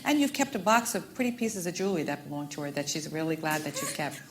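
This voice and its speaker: A woman's voice: sits low, very animated, fast talker. A woman working as a stage medium, addressing audience members one by one and calling them sweetheart and honey. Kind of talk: live audience reading.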